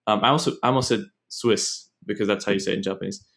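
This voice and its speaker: A man's voice: lowish voice, quick pace, fairly bright tone. A young man hosting a podcast, telling stories in a loose, rambling, casual way. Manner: rambling, digressive storytelling. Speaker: podcast host. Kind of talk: casual chat.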